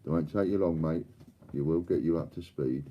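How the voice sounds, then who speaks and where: A man's voice: extremely low pitch, fairly quick, lo-fi sound. An older man hosting a live stream, chatting and bantering with viewers and reading out their comments. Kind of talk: casual chat to live viewers.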